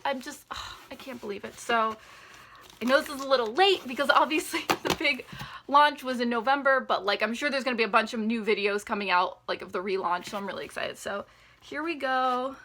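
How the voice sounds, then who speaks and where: Gushing bright-voiced young woman vlogger. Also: fairly high pitch, brisk, slight background noise. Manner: chatty and gushing, many "like" fillers, drops to near whispers. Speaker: beauty vlogger. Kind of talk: casual unboxing vlog.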